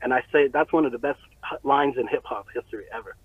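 Profane animated man on a phone line. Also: medium pitch, quick pace, slightly rough, no echo. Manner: animated, profane, laughs often. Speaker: guest telling a story. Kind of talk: casual storytelling.

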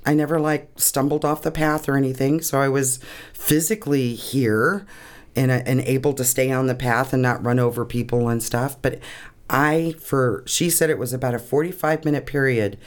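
A woman's voice: rumbling low, fairly even intonation, moderate pace. A woman telling an emotional personal story in an interview, earnest and often laughing, tearing up as she talks. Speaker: guest.

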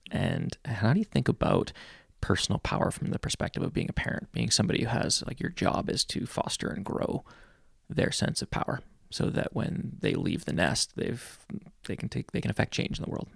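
Gravelly, husky-voiced male host. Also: on the low side, brisk, no echo, studio quality. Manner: relaxed, curious questioner. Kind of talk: conversational interview.

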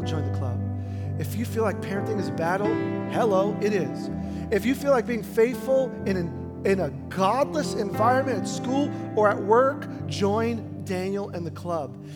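Emphatic high-voiced man preaching in a reverberant hall. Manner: emphatic, swings from loud to hushed; casual, conversational preaching. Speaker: pastor. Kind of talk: sermon. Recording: long hall reverb with music behind.

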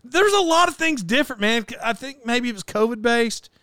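A man's voice: very high voice, expressive, normal speed, bright, forceful tone, clean tone, dry recording, clean studio sound. A man telling a rambling story in a casual monologue, doubting himself, restarting sentences and laughing often.

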